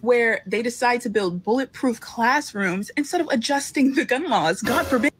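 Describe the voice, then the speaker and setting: A woman runs through a list of complaints in an indignant tone. Her voice is a little high and noticeably husky. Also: expressive, normal speed. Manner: listing grievances, indignant. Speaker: social media poster. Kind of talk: complaining monologue.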